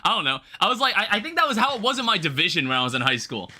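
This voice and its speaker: Brief: male streamer, high, bouncy voice, rambling casual chatter while gaming. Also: sing-song, very fast, sharp tone. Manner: rambling, self-correcting, chatting with viewers; casual, swears lightly. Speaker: livestreamer. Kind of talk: casual gameplay commentary.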